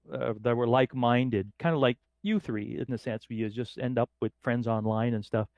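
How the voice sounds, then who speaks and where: A middle-aged man from northern Canada, medium-pitched and recorded with no echo, guests on a podcast. He tells stories casually and lively, acting out the voices of the people in them.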